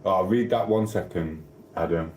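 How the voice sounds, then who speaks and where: A man's voice: deep voice, moderate pace, darkish tone, echoey room, slight background noise. A man with a South Yorkshire accent hosting a casual live stream, playfully teasing viewers and reading their chat comments aloud. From Sheffield, England. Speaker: livestream host.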